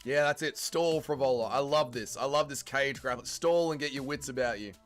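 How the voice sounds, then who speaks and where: A young man hosting a fight watch-along stream, chatting loosely and swearing freely, sometimes yelling. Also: medium pitch, fairly quick, faint music behind. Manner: swings from yelling and swearing to laid-back chat. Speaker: livestream host. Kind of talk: casual live fight watch-along chat.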